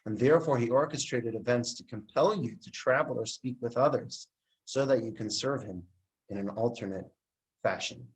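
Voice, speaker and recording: A man, likely a rabbi, giving a sermon and telling a story, acting out the characters' dialogue with lively expression. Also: mid-range voice, normal speed, low-quality recording. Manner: animated storyteller who acts out the dialogue.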